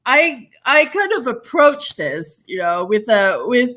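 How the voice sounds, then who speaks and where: A woman's voice: fairly high pitch, big pitch swings, slow, a bit bright. Brief: young woman from Borneo, blended international English accent, rambly and laughing, interview guest. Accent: mixed international English. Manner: rambling, many fillers and restarts, laughs often. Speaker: cooking show host, guest. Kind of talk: casual interview chat.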